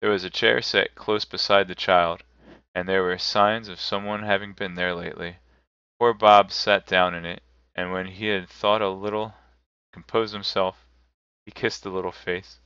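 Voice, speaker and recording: A man streaming a live narration of a classic novel, telling it in a measured, steady way. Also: low-pitched, smooth, no room sound, dull audio. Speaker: streamer reading aloud.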